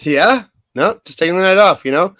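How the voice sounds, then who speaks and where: A man's voice: sits high, expressive, a little fast, pushed and bright, no room sound. A man co-hosting a casual talk show about local politics, rambling and trailing off mid-sentence. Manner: rambling, trails off, eats while talking. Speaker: podcast co-host.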